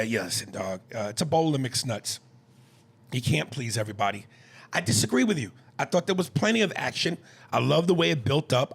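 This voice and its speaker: A man with a gravelly, husky voice joking around on a comedy podcast. He rambles loosely, reads listener mail aloud and answers it in a relaxed, off-the-cuff way. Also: mid-range voice. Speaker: podcast co-host. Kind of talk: casual comedy podcast chat.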